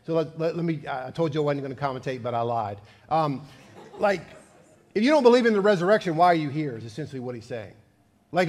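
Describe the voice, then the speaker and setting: A man's voice: a little high, darkish tone. A man from Georgia, preaching a sermon in a folksy storytelling manner that builds to emphatic peaks. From Georgia, USA. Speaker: pastor. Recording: long church reverb.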